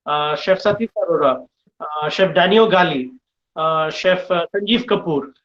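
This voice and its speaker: A middle-aged man with an Indian English accent speaks as a guest chef to a class of students. He tells his stories in an animated way, breaking often with uh and restarts. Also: fairly high pitch, moderate pace, lo-fi sound. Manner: animated, frequent uh fillers, lively storytelling. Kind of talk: storytelling in a live online session.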